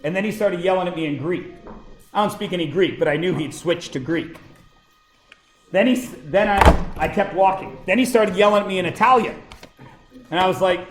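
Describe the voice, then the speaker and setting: A man teaching a class in casual talk, joking and telling animated stories to his students. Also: high voice, roomy sound, low-quality recording.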